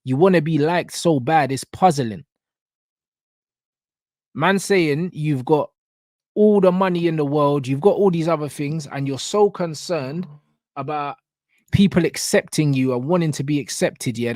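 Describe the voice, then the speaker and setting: A man breaks down rap lyrics in a heated, animated rant, dropping a low "bro" after nearly every phrase. His voice sits a little high, and the sound is dry and close, with no room around it. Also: no room sound. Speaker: reaction channel host. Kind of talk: rap reaction commentary.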